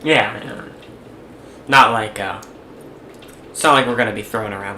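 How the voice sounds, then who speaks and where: A man's voice: lowish voice, moderate pace, sharp tone. A man co-hosting a podcast, chatting casually with loose, playful rambling. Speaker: podcast co-host. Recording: roomy, distant mic with faint hiss.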